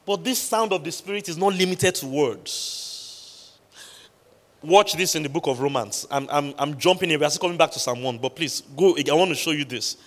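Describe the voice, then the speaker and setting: A man preaching a midweek sermon, with emphatic pauses, quoting scripture and repeatedly questioning the congregation. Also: on the high side, fairly bright tone. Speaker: pastor. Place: large church hall. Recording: long hall reverb.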